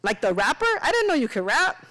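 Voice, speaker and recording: A woman's voice: on the high side, very animated, a little fast, sharp tone, voice pushed up, rough recording. A woman voicing a brash, crude young man who trash-talks a former classmate with swagger and profanity. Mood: mocking.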